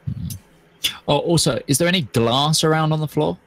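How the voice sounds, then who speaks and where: A man's voice: on the high side, normal speed, low-quality recording. A man playing a tabletop game, asking casual questions of the game master. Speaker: player.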